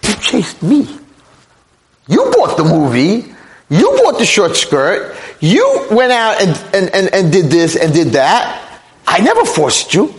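A man's voice: mid-range voice, big pitch swings, measured pace, breathy edge, exaggerated voice. A man voicing a mocking tempter spirit who accuses his victim and insists he never forced anyone. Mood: taunting. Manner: taunting, accusing.

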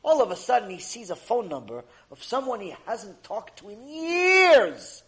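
A man teaches Torah by telling a story in a lively way, slipping in and out of the characters as he goes. His voice sits fairly high for a man and moves around a lot. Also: moderate pace, poor audio. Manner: animated, acts out characters. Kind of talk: storytelling lesson.

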